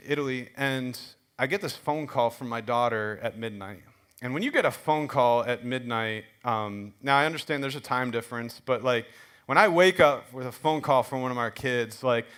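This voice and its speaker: A middle-aged man preaching a sermon in a church, telling stories in a conversational, animated way with frequent restarts. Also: mid-range voice, clean tone. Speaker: pastor. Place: church sanctuary.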